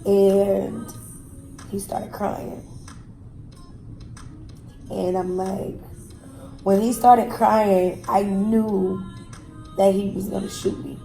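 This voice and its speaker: A woman telling a personal story in an interview, frankly and with pauses and fillers. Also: medium pitch, little pitch movement, vocal fry, mellow. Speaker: guest telling her own story. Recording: echoey room with faint music.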